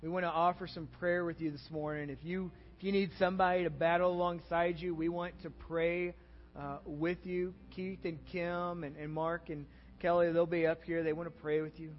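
A man's voice: a little high, level tone, moderate pace, in a large hall, highs cut off. A man with a Texan accent preaching a sermon as pastor, earnest and conversational, rising in intensity.

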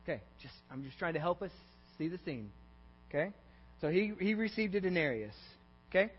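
A man's voice: high-pitched, sing-song, brisk, breathy edge. A man preaching an interactive sermon, constantly asking the congregation questions and checking in with "okay?" and "all right?". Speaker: pastor. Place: church sanctuary. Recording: dull echoey church recording with mains hum.

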